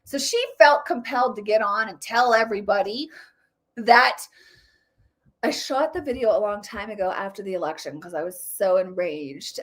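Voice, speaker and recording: A woman hosting a political commentary show, ranting in an animated, sarcastic way. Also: medium pitch. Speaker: host.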